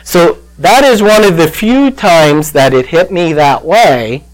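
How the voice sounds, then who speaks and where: Slow, emotional older male pastor. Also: fairly high pitch, animated, rough recording. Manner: slow, emotional storytelling, choking up at times. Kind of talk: sermon with personal story.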